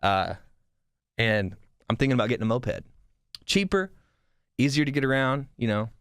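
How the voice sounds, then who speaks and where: A young man spins a long, rambling story for his podcast, getting louder and more worked up as he goes, swearing freely and restarting his sentences. His voice sits at an ordinary middle pitch. The sound is dry and close, with no room echo. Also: normal speed, clear, resonant tone. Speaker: podcast host. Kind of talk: casual storytelling.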